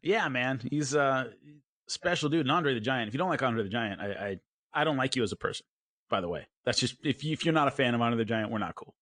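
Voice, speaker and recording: A man co-hosting a casual sports podcast, telling stories with lively acted-out quotes. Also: mid-range voice, fast, no echo, studio quality. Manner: animated storyteller, acts out quotes. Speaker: podcast co-host and MMA commentator.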